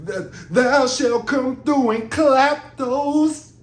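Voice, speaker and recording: A man voicing a pompous, old-fashioned man who talks like a Shakespeare love letter, slow and drawn out, in a roomy recording. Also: very high-pitched, faint music behind, voice pushed up, heavily acted. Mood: mock-formal. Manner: mock-archaic, drawn-out and slow. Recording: roomy with faint noise.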